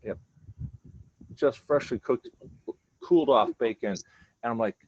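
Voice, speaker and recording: A man's voice: medium pitch, moderate pace, pauses often, darkish tone, no echo. A man telling personal stories about his dogs in a casual, earnest chat, acting out their thoughts in quoted voices. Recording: dull lo-fi recording.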